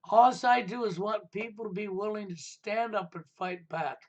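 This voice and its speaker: A man's voice: high voice, normal speed. A man hosting a live stream, ranting insistently and repeating rhetorical questions. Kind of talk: heated political talk stream.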